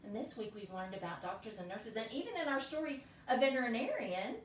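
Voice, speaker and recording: A woman's voice: fairly high pitch, lively intonation, fast. A woman hosting a children's library storytime, talking cheerfully and leading songs. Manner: cheerful, sings and makes animal sneeze sounds. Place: library room. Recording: roomy, from a distance, faint hiss.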